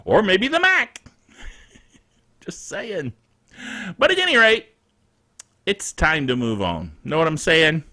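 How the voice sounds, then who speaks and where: A man's voice: on the high side, slow, pauses often. A man hosting a casual tech news show, reading the week's stories with jokey asides and chuckling at himself. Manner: animated, jokey, chuckles at his own asides.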